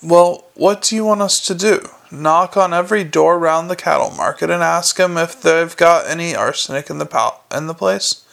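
A man's voice: fairly high pitch, moderate pace, gravelly, hardly any pauses, a bit bright. A man doing a gloomy scruffy watchman. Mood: sceptical. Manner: gloomy, grumbling. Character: scruffy young male watchman, gloomy, low-born.

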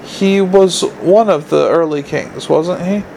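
Male reader voicing a nervous dwarf watchman: clever, fretful, slightly raised and gravelly. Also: on the high side, darkish tone, a little hiss or hum, poor audio. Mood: uneasy. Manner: quick, fretful questions.

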